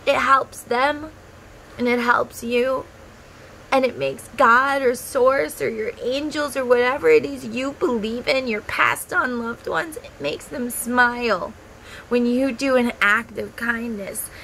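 A woman's voice: on the high side, fairly even intonation, slow pace, a bit bright, slight background noise, low-quality recording. A woman in her thirties talking to her viewers in a heartfelt, rambling way, close to tears. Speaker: tarot content creator. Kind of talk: casual monologue to camera.

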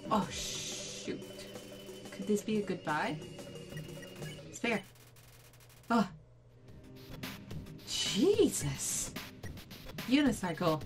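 A young woman plays a video game in let's play commentary, reading on-screen text aloud between startled reactions. Her mid-range voice is expressive, and she speaks slowly with frequent pauses. Game music plays in the background.

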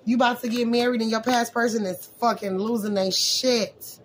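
A woman's voice: a little high, fairly even intonation, normal speed, a little hiss or hum. A woman doing a tarot reading for viewers, naming the cards one after another and adding blunt, profane asides. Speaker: tarot reader.

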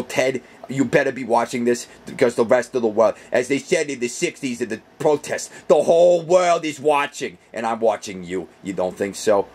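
A man voicing a small, foul-mouthed male teddy bear with anger issues, ranting in a comedic puppet vlog with a husky voice. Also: lowish voice, darkish tone. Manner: ranting, vengeful, over-the-top.

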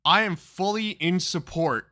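A man's voice: sits high, unhurried, bright, forceful tone, no echo, clean studio sound. A man giving profane, mocking reaction commentary.

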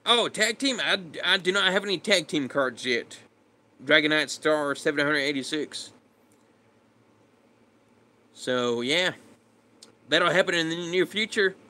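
Bright, high-voiced casual streamer. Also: male voice, expressive, a little slow, long pauses. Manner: laid-back, chatty, greets viewers by name. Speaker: streamer reading chat. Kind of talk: casual live stream chat.

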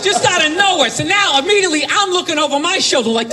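A male stand-up comedian doing an animated routine, shouting his punchlines in mocking bursts. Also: extremely high pitch, fast, hardly any pauses. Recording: live club set with crowd laughter and noise. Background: audience laughing.

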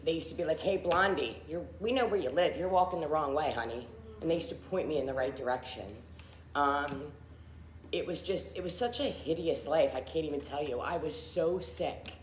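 A middle-aged woman from the Philadelphia area shares a candid personal recovery testimony, packed with fillers and acted-out quotes of other people. Her voice sits low, recorded in an echoey room with a little hiss or hum.

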